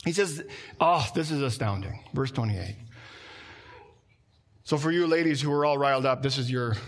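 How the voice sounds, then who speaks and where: A man preaching a sermon in a conversational way, slowing down and dropping his voice for emphasis. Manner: conversational preaching, slows down and drops low for emphasis. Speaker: pastor.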